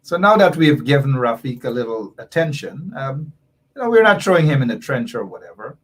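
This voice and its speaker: A man from Guyana with a mid-range voice, big pitch swings and a fairly quick pace hosts a political talk show. Emphatic and repetitive, he reads out comments from viewers and responds to each.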